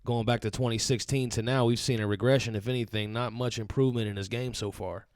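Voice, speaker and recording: A man co-hosting a live fan show, speaking in a measured, calm way and thanking viewers. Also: mid-range voice, smooth, dry recording, studio quality. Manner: measured and calm, reads audience shoutouts. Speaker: co-host and producer.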